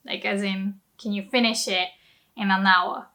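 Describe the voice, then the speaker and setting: A woman's voice: medium pitch, steady tone, normal speed, pushed and bright. A woman giving a casual language lesson, chatty and giggly, explaining words through everyday examples. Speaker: Japanese language teacher.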